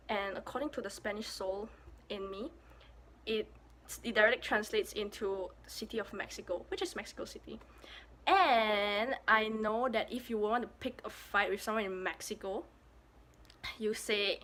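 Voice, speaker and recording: Speaking at a moderate pace in a medium-pitched, slightly bright voice, a young woman from Malaysia makes a casual pronunciation vlog. She's playful and pokes fun at herself, saying words over as she tries them out; there's slight background noise.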